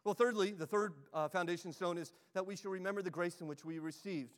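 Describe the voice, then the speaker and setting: A man's voice: high voice, fast, long reverb tail. A man preaching a sermon as a pastor, conversational and repetitive, often checking in with "right?". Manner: conversational, frequent "right?" check-ins, repeats words. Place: church sanctuary.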